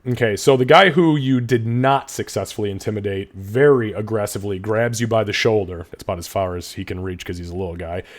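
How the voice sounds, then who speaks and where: A man's voice: fairly low pitch, brisk, few pauses. Casual young man running a tabletop game. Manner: casual, profane, descriptive narration. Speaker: game master.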